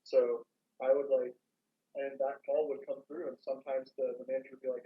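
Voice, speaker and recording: A man's voice: mid-range voice, brisk. Young man rambling on a lo-fi mic. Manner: rambling, lively anecdotes. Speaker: podcast co-host. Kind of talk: casual chat. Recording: dull lo-fi mic.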